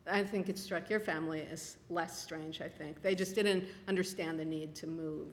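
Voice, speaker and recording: Lowish-voiced woman author, wry storyteller. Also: steady tone, normal speed, a little hiss or hum. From Minnesota. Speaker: author guest. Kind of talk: conversational storytelling. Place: public library event room. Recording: reverberant hall.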